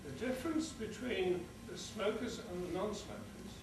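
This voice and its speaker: A man's voice: high-pitched, expressive, moderate pace. An older man accepting an award and speaking earnestly from a stage, ending with an emphatic warning. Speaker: award recipient. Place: large conference hall. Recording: echoey hall from far off, noisy.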